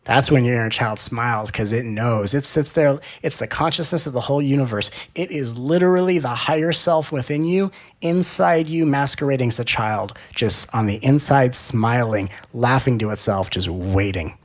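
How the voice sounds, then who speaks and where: A man giving a spiritual talk as a teacher, playful and teasing, swinging between loud, excited questions and soft, slow reflection. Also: mid-range voice.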